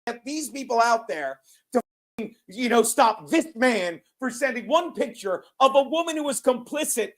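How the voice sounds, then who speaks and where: A man's voice: very high-pitched, expressive, a little slow. A man hosting a livestream, talking heatedly in casual chat, swearing and apologizing for cutting in. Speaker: livestream host.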